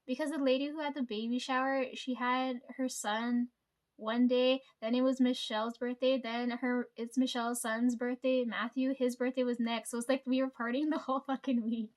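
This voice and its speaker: High-voiced rambling woman vlogger. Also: level tone, normal speed. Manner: rambling, swears freely, constant "like" and "right?". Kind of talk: casual storytime chat.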